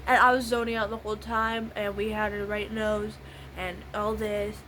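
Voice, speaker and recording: A woman's voice: medium pitch, level tone, normal speed, pushed and bright, a little hiss or hum, poor audio. A young woman vlogger telling a long story in a rambling, casual way while doing her makeup, repeating the same little phrases. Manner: rambling, repeats "literally" and "I was like".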